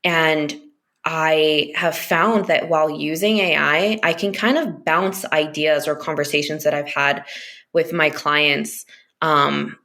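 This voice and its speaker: A woman speaking as a podcast guest in a casual interview chat, talking quickly with frequent fillers and easy laughter. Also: low-pitched, a bit bright. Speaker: podcast guest, business analyst.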